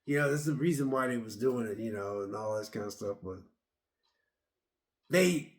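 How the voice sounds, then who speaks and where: A man's voice: lowish voice, normal speed. A man giving a casual, rambling movie review, retelling scenes with lots of repeats and fillers.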